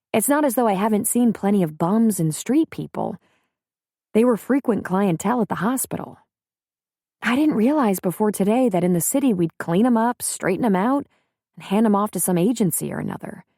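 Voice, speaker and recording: A woman's voice: medium pitch, expressive, moderate pace, mellow, dry recording, studio quality. A woman voicing an earnest, candid young nurse from the city in an audiobook reading.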